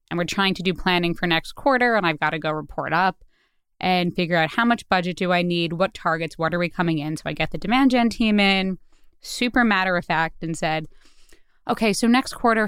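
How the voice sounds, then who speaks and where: Animated woman telling a work story. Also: on the low side, smooth, no room sound, clean studio sound. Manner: animated storyteller, acts out dialogue. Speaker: marketing executive guest. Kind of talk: conversational anecdote.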